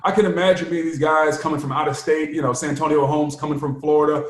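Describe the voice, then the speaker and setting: A man who played the game, chatting casually and telling lively stories with laughs. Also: on the high side, fast, reverberant. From United States. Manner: animated storyteller, laughs often. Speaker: podcast co-host, former player. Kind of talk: casual chat.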